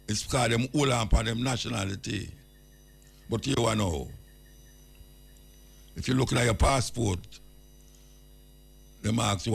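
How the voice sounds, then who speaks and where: A man's voice: mid-range voice, unhurried, vocal fry, long pauses, husky. An older man with a Jamaican accent, hosting a talk show and reasoning through a point, with emphatic repetition in patois. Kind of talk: casual radio reasoning.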